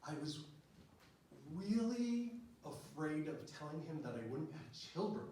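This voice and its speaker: On stage at a small venue, a middle-aged man tells a personal story, chatty, laughing often, and full of fillers. His voice is fairly high with a dark tone, big pitch swings, and an unhurried pace. A distant mic in a very echoey room picks up audience noise.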